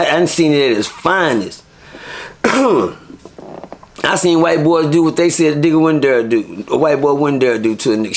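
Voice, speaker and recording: Gravelly man telling stories. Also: fairly high pitch. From Texas. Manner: profane, animated storyteller. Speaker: interview guest. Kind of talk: casual storytelling.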